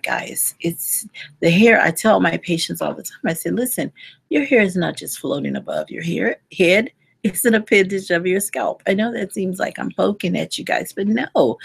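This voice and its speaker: Gravelly, husky woman giving hair advice. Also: on the low side. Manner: earnest, conversational, with frequent restarts. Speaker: hair care specialist and author. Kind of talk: casual advice talk to listeners.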